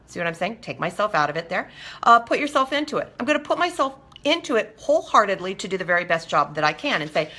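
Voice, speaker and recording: A woman hosting a talk show, her voice bright and forward, with a wide, lively swing in pitch. She talks in a chatty way and acts out quoted exchanges. She keeps asking her listeners whether they follow. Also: quick pace. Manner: animated, acts out little dialogues in quotes; conversational, checks in with listeners. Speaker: host. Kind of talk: talk show monologue on recovery.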